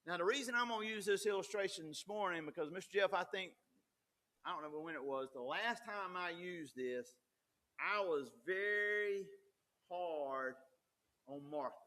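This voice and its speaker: A man's voice: high voice, normal speed, pushed and bright. A man, preaching a folksy, conversational sermon with frequent restarts. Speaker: pastor.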